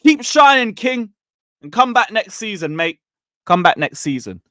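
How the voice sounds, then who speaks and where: A man's voice: high voice, very animated, measured pace, fairly bright tone, dry recording, clean studio sound. A man hosting a football livestream, chatting casually and reading out viewer messages. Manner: chatty, reads out chat messages. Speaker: livestream host.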